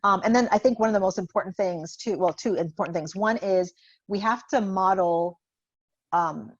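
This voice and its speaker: Animated woman over muffled lo-fi audio. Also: mid-range voice, normal speed. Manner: animated storyteller acting out parent and child. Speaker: guest parenting expert. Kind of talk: conversational interview.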